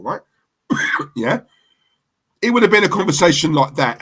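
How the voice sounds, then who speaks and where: A man's voice: fairly high pitch, expressive, moderate pace, long pauses, fairly bright tone. A man ranting to camera as a football fan vlogger, heated and emphatic, repeating himself for effect.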